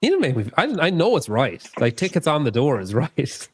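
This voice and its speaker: An Irish man hosting a podcast in casual chat, talking quickly in asides and laughing often. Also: on the high side, huge pitch swings, breathy edge. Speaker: podcast host.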